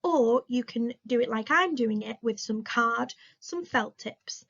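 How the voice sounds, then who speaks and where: Slow, gravelly-voiced English woman teacher. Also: on the high side, expressive, fairly bright tone, lo-fi sound. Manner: slow, clear, encouraging teacher talk. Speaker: primary school teacher. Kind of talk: recorded remote lesson for young children.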